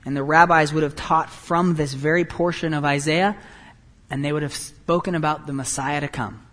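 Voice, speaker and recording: A man preaching a sermon as pastor, animated, moving between quiet and loud passages. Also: fairly high pitch, normal speed, big-room sound.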